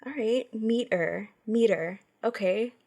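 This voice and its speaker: A woman's voice: on the high side, slow pace, dark tone. A woman guest on a podcast, chatting casually and laughing a lot, guessing with many fillers. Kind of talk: casual chat.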